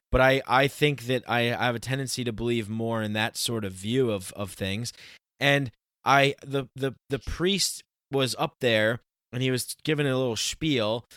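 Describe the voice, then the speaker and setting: A man's voice: mid-range voice, a bit bright, clear, resonant tone, no room sound, studio quality. Earnest man hosting a podcast. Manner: earnest, emphatic, slows down to stress points. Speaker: podcast host. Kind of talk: casual conversational podcast.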